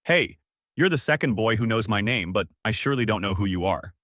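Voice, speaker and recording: A shy, feisty young girl, as a man reads her lines. She speaks bashfully, in a voice that moves widely in pitch. The sound is dry and close. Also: lively intonation, brisk, a bit bright, no echo.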